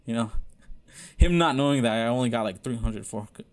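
A man's voice: mid-range voice, moderate pace. A man telling a personal story in a casual, frank way, with lots of fillers and swearing. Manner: loose, profane, many fillers; frank and confessional.

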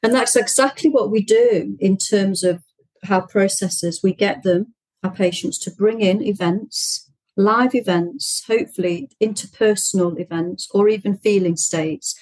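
Measured woman therapist explaining her work. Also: mid-range voice, a little mellow, breathy edge, dry recording, low-quality recording. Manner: measured, explanatory, encouraging, frequent agreeing murmurs. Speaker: therapist guest. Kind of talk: interview answers.

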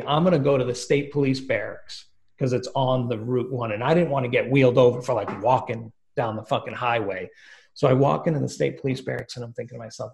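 Gravelly man telling a profane story. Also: medium pitch. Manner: profane, rambling and animated. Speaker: podcast guest. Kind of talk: casual storytelling.

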